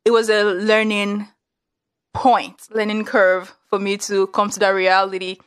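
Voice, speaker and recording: A woman's voice: medium pitch, a little slow, smooth. A young adult woman with a Nigerian accent, chatting casually and acting out dialogue as she tells stories. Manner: lively storyteller acting out dialogue. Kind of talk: casual chat.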